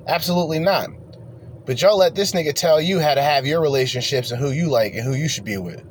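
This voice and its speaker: Man, fairly high voice, profane ranting host, faint noise. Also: quick pace. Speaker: commentary host. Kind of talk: reaction commentary rant.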